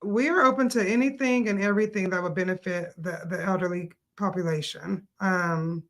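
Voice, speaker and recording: A woman who owns an adult day care business, explaining her services in a measured way with frequent fillers. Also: on the low side, steady tone. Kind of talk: casual interview answers.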